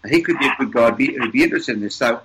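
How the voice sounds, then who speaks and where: Emphatic older man with a bright voice. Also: mid-range voice, lively intonation, rapid-fire, low-quality recording. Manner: emphatic, repeats words, upbeat. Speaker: interview guest. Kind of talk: motivational storytelling.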